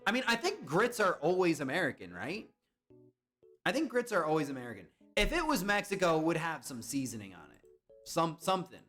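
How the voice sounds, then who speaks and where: A young man talks to his live-stream chat in a casual, chatty way, tossing out guesses and answering viewers as he goes. His voice sits high and swings widely in pitch. Faint music plays underneath. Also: very animated, fairly quick, sharp tone.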